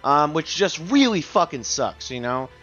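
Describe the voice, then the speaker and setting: A young gaming YouTuber rants angrily and swears freely. His voice sits a bit high, and the recording sounds slightly dull. Faint music plays under his talk. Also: big pitch swings, moderate pace, fairly bright tone. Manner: profane, heated. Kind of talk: angry rant.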